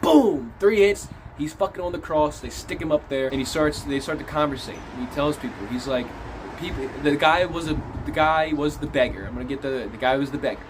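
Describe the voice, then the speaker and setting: A man's voice: fairly high pitch, fairly quick, noisy background. Casual, cursing man reviewing a film. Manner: casual, swears freely, animated retelling. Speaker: movie reviewer.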